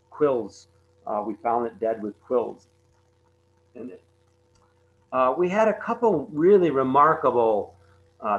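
A man giving a conservation talk over slides, halting often and repeating words with many fillers. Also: medium pitch, a bit bright, dull audio, slight background noise. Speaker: conservation presenter. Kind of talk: webinar slide presentation.

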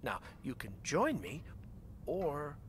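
An actor playing a smug, corrupt politician who speaks in a smooth, oily, condescending way and makes open threats. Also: male voice, a little high, very animated, takes it slowly, slight background noise. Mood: menacing. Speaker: villain politician. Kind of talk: game voice acting.

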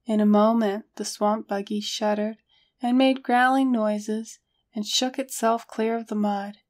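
A woman reading a first-person story aloud as a narrator, steady storytelling. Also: on the high side, measured pace. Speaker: audiobook narrator.

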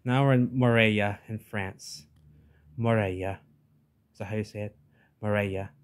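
A man's voice: fairly low pitch, fairly even intonation, moderate pace. A man giving commentary over video footage in an emphatic, dismissive manner, repeating catchphrases.

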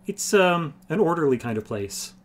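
A man reading aloud and voicing an earnest young man raised on a farm, talking in a flat, matter-of-fact way, a little higher than his own voice. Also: moderate pace, slight background noise. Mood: plain-spoken.

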